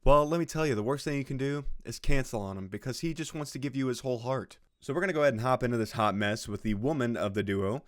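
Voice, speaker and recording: A man's voice: mid-range voice, fast talker, few pauses. A man giving casual, sarcastic commentary on a post he is reading, swearing freely and laughing at his own jokes. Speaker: video host reacting to a social media post.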